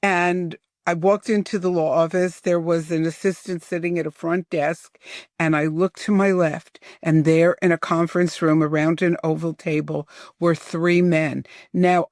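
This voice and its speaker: A man in his seventies from the New York area, reminiscing in unhurried, detailed storytelling as a podcast guest. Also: a little high, fairly even intonation, no echo, clean studio sound. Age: 70s. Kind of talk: storytelling in an interview.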